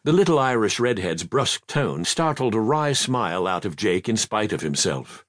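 A man narrating a children's fantasy audiobook in an expressive storybook style. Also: on the low side, normal speed, no room sound, studio quality.

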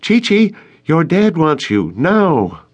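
A shrill, mocking teen girl, as a man puts her on. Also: animated, takes it slowly, darkish tone. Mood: hollering. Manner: taunting, shrill. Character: mocking teenage girl student.

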